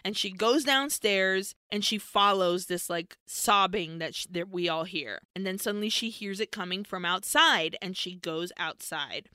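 A woman's voice: medium pitch, normal speed, few pauses, clean tone, no room sound, studio quality. A woman co-hosting a podcast, animatedly retelling a film with free swearing and bits of Spanish. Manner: animated storyteller, swears freely, mixes in Spanish. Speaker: podcast co-host.

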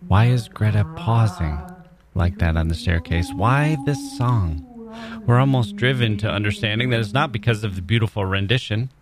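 A man hosting a podcast, reading a story in a measured, reflective way and commenting on it. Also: fairly low pitch, crowd noise. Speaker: podcast host.

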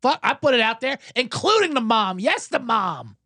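Profane ranting podcast host. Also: male voice, very high voice, sing-song, moderate pace, pushed and bright, husky, no room sound, clean studio sound. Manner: ranting, sarcastic, profane, self-interrupting. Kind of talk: comedic sports podcast rant.

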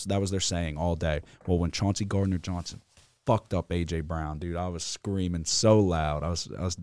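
A man's voice: low-pitched, fairly quick, warm tone, no room sound, studio quality. A young man hosting a casual sports podcast, telling stories bluntly and cursing freely. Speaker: podcast host.

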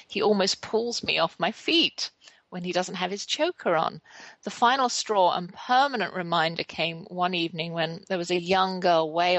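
Low, gravelly-voiced woman host. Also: a bit bright, no echo, rough recording. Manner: chatty, anecdotal, self-deprecating. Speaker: podcast host. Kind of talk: casual storytelling monologue.

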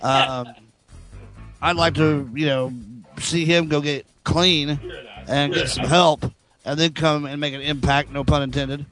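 A man's voice: fairly high pitch, steady tone, a little slow, over music. A man calling in to a talk show, talking in a hesitant way full of ums and you knows. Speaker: caller. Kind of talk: casual call-in opinion.

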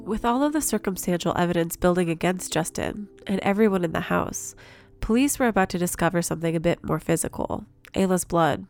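A woman host narrating in a scripted, measured way that asks pointed questions. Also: on the low side, a little mellow, faint music behind.

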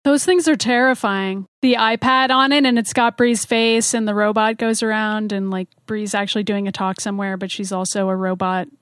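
A woman's voice: mid-range voice, fairly even intonation, normal speed, few pauses, a bit bright, no echo, studio quality. A woman on a podcast panel in casual chat, wry and teasing.

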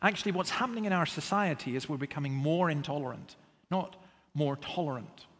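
A man's voice: fairly high pitch, animated, fairly quick, a bit bright, long reverb tail. A man preaching a sermon in an earnest, emphatic way, often asking rhetorical questions.

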